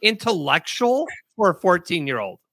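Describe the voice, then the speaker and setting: A man co-hosting a talk show, brisk and upbeat as he takes callers and keeps the show moving. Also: high-pitched, big pitch swings, bright, forceful tone, no echo, studio quality. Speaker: co-host taking callers.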